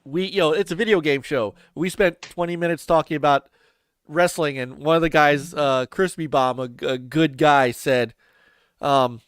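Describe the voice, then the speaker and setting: A man guesting on a gaming podcast, chatting excitably and often breaking into laughter. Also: a little high, normal speed, clean tone, dry recording, studio quality. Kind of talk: casual chat.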